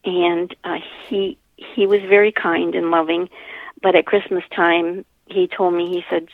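An older woman telling a personal story in an earnest, halting way, often restarting her sentences. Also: fairly low pitch, level tone, vocal fry, no echo. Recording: tinny phone line.

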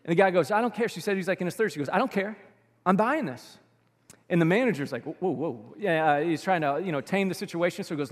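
A male pastor preaching a sermon in a church, telling stories and swinging between hushed and loud. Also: a little high, lively intonation, fast talker. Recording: long reverb of a large hall.

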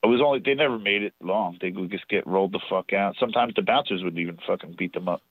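A man's voice: sits low, fast talker, no echo, phone-quality sound. A man from New Jersey telling profane, rambling stories as a podcast guest. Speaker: podcast guest, show promoter. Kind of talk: casual storytelling.

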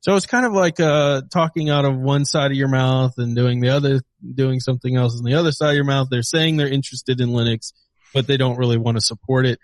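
A man's voice: medium pitch, fairly even intonation, a little fast, no room sound. A man co-hosting a podcast, talking tech in a rambling, opinionated way with lots of fillers. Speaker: podcast co-host. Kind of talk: casual tech chat.

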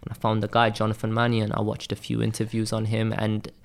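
A Welsh graphic designer with a light accent recounts stories as a guest in a casual, chatty interview, filling his speech with "like" and "man." His lowish, gravelly voice is clean in tone, with a completely flat delivery at a quick pace.

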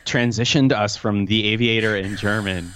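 A man co-hosting a podcast in casual chat, relaxed with dry asides and easy laughs. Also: fairly low pitch, moderate pace, very noisy. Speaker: podcast co-host.

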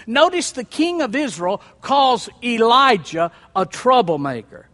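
A man preaching a sermon, reading scripture aloud and breaking in with lively asides. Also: extremely high pitch, a little slow. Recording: long hall reverb.

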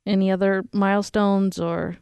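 A woman's voice: mid-range voice, flat delivery, normal speed, darkish tone, clear, resonant tone, no echo, studio quality. A woman hosting a casual chat, supportive and probing with her questions to a guest. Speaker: host.

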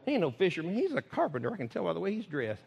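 A man's voice: high-pitched, huge pitch swings, very fast, gravelly, darkish tone, slightly rough, exaggerated voice. A man voicing a grumbling, skeptical fisherman who mocks a stranger's advice. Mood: scoffing. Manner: scoffing, folksy.

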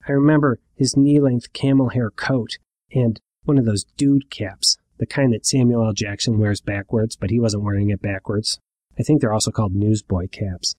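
A man's voice: on the low side, steady tone, moderate pace, dark tone, no echo. A middle-aged man telling a personal story in a wry, conversational way with asides to the listener.

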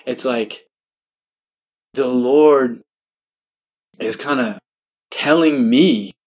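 Man, priest, casual personal story, animated, laughs often, mid-pitched voice. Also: extremely slow. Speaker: Catholic priest.

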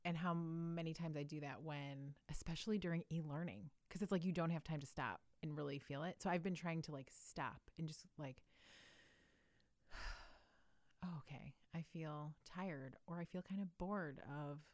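Chatty low-voiced woman co-host. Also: a little fast, few pauses, darkish tone. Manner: chatty, self-deprecating, lots of fillers. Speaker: podcast co-host. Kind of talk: casual podcast chat.

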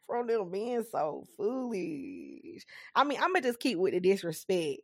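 A young woman co-hosting a comedy podcast in casual chat, expressive and quick to laugh. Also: medium pitch, vocal fry, husky. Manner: expressive, laughs often, drawn-out reactions. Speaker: podcast co-host.

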